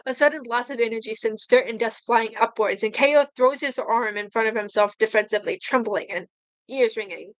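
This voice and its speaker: A woman reads fan fiction aloud in her bedroom, earnest and now and then tripping over her words. Her voice is fairly high and the sound is dry and close. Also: brisk, no echo, rough recording. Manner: earnest, with stumbles and repeated words. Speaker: story reader. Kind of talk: dramatic fan fiction reading. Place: bedroom at home.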